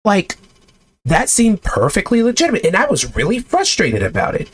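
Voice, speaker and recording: Man, sports vlogger rant, exasperated, sarcastic, pitch swinging all over. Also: wildly swooping pitch, normal speed, fairly bright tone, breathy edge. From United States. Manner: exasperated and sarcastic, with blunt outbursts. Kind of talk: heated monologue rant.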